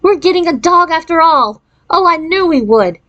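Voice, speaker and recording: A woman's voice: very high-pitched, lively intonation, normal speed, fairly bright tone, no room sound, highs cut off, pitched above the performer's own voice. A woman doing a squealing little girl. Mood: excited. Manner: shrieking, squealing. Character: young girl, excitable youngest child.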